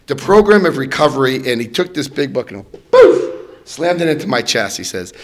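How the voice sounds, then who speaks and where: A middle-aged man telling his recovery story to a room, animated, swinging between loud and soft and acting out voices. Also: medium pitch, moderate pace. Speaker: recovery speaker.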